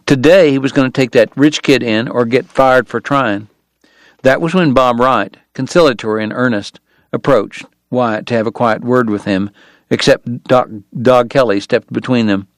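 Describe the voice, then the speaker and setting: A man giving measured, scripted audiobook narration of a western. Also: medium pitch, no echo.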